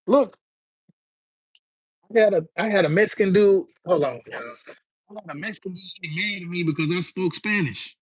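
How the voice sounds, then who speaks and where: A man's voice: sits high, normal speed, long pauses, slightly rough, no echo. A man hosting a live stream, chatting loosely with his viewers in a joking way and using plenty of slang. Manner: loose, joking, talks straight to the chat with slang. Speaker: livestream host. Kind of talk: casual live-stream chat, reacting to viewers.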